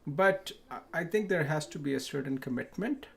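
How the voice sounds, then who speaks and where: A man whose first language is Punjabi, a business owner chatting as a studio guest in a relaxed way, often ending points with "right?". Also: fairly high pitch, normal speed, vocal fry. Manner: relaxed, conversational, frequent "right?" tags. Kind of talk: casual conversation.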